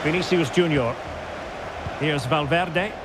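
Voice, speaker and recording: Football commentator over loud game noise. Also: male voice, on the high side. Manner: measured calls that rise to excited shouts at goals. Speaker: play-by-play commentator.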